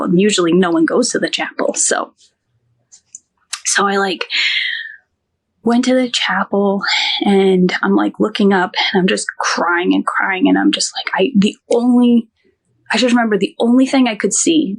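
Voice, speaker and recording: A woman's voice: mid-range voice, moderate pace. A young woman, a podcast guest, candidly telling an emotional personal story in a rambling way full of fillers.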